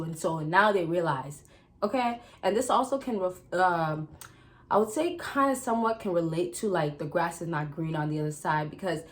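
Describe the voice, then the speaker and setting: A woman vlogger giving casual dating advice straight to her viewers, chatty and direct, often calling out to the guys and checking in with a quick question. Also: lowish voice. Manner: chatty, repeatedly addresses "fellas" and checks with "right?". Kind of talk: casual advice talk to camera.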